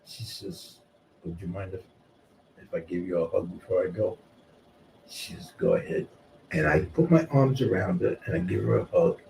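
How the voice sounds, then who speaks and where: Gravelly, profane New storyteller man. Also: sits low, moderate pace. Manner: profane, animated, swings from shouting to murmuring. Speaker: guest storyteller. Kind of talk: casual storytelling. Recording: distant mic with faint noise.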